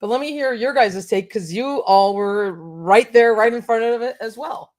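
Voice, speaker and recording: A woman's voice: on the high side, normal speed, a little mellow. A woman co-hosting a casual chat, talking with enthusiasm and many fillers. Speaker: co-host of toy show.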